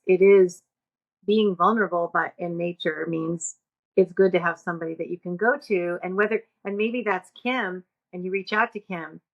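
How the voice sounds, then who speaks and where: A woman's voice: fairly low pitch, highs cut off. A woman co-hosting a podcast, giving earnest, encouraging advice in casual conversation. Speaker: podcast co-host.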